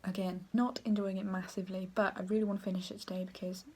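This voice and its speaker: A woman's voice: medium pitch, flat delivery, fast, a little mellow, husky. Chatty Southern English woman vlogging. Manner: chatty and rambling, laughs often, sometimes drops to a whisper. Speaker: book vlogger. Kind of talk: casual vlog chat. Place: at home, moving between rooms.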